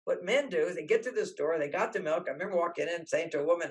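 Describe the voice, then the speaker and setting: An older man who writes about relationships tells animated stories in an interview, performing the voices of the people he quotes. His voice is on the high side, and he talks quickly with hardly any pauses. The recording is rough.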